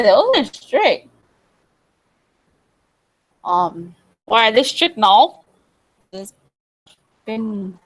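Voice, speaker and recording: A young adult woman vlogger in casual, rambling chat, laughing often. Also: mid-range voice.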